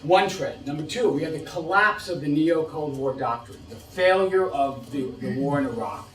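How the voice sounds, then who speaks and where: Speaking at a normal speed in a fairly high pitch, this middle-aged policy expert from the United States lectures an audience, recorded from afar in a reverberant room. His delivery is lively, full of rhetorical questions and repeated phrases.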